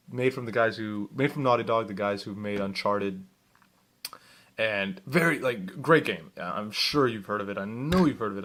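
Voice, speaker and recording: A young man rambles through a casual gaming news rundown, often stopping to correct himself and put questions to his viewers. His voice sits a little low, with a relaxed, conversational delivery. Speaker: gaming vlogger. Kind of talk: casual video game news vlog.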